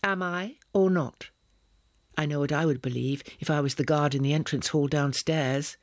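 A man reading an audiobook, voicing a young woman spy who is calm, cutting and quietly threatening. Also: on the high side, normal speed, dry recording, studio quality, natural voice. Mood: coolly menacing.

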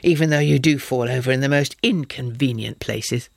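A man's voice: mid-range voice, normal speed, vocal fry, no echo, studio quality. A man voicing a young man who whispers urgently and teases his sweetheart affectionately. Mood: tender. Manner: urgent whispers, then gentle teasing.

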